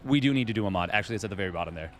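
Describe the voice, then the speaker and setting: A man co-casting a live strategy game match, calmly walking through the lobby setup and tournament rules. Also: lowish voice, rapid-fire, slight background noise. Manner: steady, explanatory. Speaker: esports co-caster.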